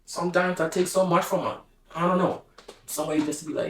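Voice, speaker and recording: A man's voice: high-pitched, fairly even intonation, fast, a bit bright, echoey room, a little hiss or hum, rough recording. A man speaking casually to camera in a reflective, heartfelt monologue, slangy and open. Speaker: vlogger.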